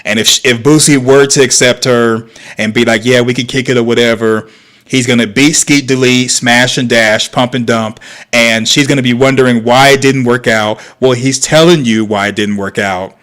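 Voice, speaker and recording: A man's voice: medium pitch, steady tone, moderate pace, fairly bright tone. A man hosting a livestream, reacting to clips with sarcastic, lecturing commentary. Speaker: host.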